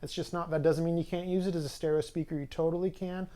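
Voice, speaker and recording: Mellow, slightly high-voiced male reviewer. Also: steady tone, fast talker. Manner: conversational, loose, with frequent fillers and restarts. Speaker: audio equipment reviewer. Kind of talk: casual product review to camera.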